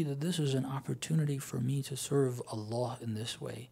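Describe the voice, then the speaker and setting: A man giving a sermon, moving between quiet reflective passages and loud, emphatic rhetorical questions. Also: mid-range voice, moderate pace, creaky, few pauses, breathy edge. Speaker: religious speaker. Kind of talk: Ramadan sermon.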